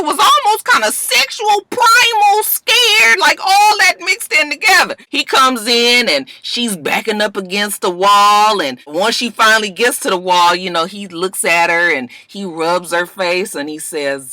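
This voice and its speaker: Sassy woman recapping a show, bright voice. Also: mid-range voice, moderate pace, a little hiss or hum. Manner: animated, sassy, acts out scenes in voices. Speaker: TV recap vlogger.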